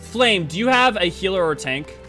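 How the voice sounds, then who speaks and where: Bright-voiced man chatting with stream viewers. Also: sits high, animated, normal speed, faint music behind. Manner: rambling, talks to chat while organizing a party. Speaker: streamer hosting a game stream. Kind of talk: casual live-stream chat with viewers.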